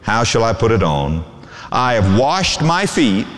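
A man's voice: medium pitch, sing-song, a little slow, a bit bright. A man preaching a sermon as pastor, reading scripture aloud in old English and swinging his voice up and down for emphasis. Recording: long hall reverb.

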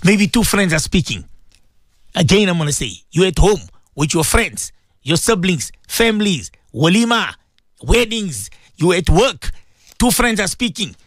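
A man's voice: high voice, fairly bright tone, dry recording, clean studio sound. A man preaching an Islamic sermon to radio listeners, emphatic and repetitive, often asking them questions. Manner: emphatic, repeats phrases, asks listeners questions.

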